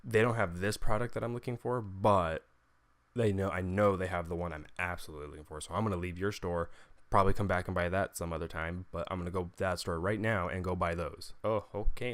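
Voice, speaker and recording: A man's voice: sits low, clean tone, dry recording. A young man venting in a casual, profane rant about a frustrating customer, full of fillers and restarts. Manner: heated, profane storytelling with many fillers. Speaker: vlogger.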